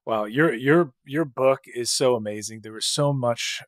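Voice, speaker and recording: Enthusiastic podcast host, dry sound. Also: male voice, medium pitch, measured pace, dry recording. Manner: enthusiastic, laughs easily. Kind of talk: interview chat.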